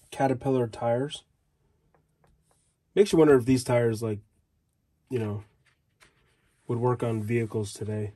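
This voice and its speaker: Mellow-voiced man reading old ads aloud. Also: medium pitch, fairly even intonation, slow, pauses often, husky. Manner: reads headlines aloud in fragments with offhand asides. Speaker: reseller flipping through old magazine ads.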